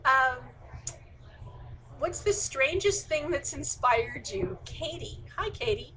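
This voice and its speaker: A woman's voice: high voice, expressive, takes it slowly, bright, forceful tone, a little hiss or hum, low-quality recording. A woman author in a casual online Q&A, reading out audience questions and answering them chattily with plenty of fillers. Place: indoors, remote live stream.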